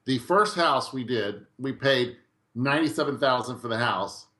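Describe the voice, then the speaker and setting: A middle-aged man, a guest in a podcast interview, telling his story in a lively way and acting out quoted dialogue. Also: medium pitch, normal speed. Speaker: guest real estate investor.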